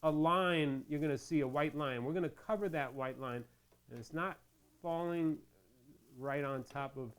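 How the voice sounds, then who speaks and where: Working with his hands through a crafting tutorial, a middle-aged channel host keeps up casual chatter that rambles into jokes. His voice is clear and resonant, a touch high, at a normal speed.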